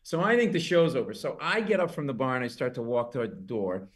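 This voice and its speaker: A middle-aged man spinning a comic anecdote in a conversation. He tells it briskly and jumps into loud, high-pitched voices whenever he quotes someone. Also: animated. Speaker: comedian guest. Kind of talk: storytelling in an interview.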